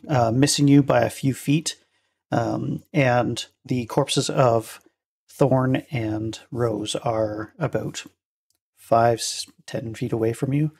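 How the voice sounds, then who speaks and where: A young man narrating a tabletop game as game master, halting with many ums and uhs. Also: mid-range voice, gravelly.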